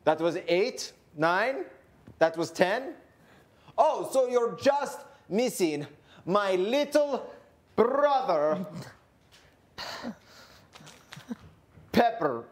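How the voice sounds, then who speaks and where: Brief: playful woman houseguest, giggly, drawn-out unhurried delivery, body mic. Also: medium pitch, sing-song. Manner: giggly, playful, laughs between words. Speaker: reality show houseguest. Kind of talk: casual chat.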